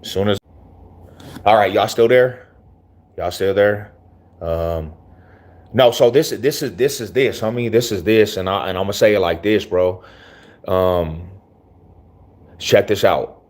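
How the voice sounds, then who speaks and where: A man's voice: lowish voice, takes it slowly, pauses often, darkish tone. A man hosting his own channel, talking casually to camera in slangy, rambling speech with many restarts. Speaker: YouTube channel host.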